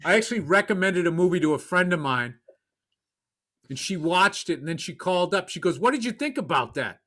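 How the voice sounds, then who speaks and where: A man's voice: high voice, lively intonation, fairly quick, sharp tone. A man in his fifties co-hosting a podcast in casual chat, blunt, rambling and joking, with plenty of swearing. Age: 50s. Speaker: podcast co-host.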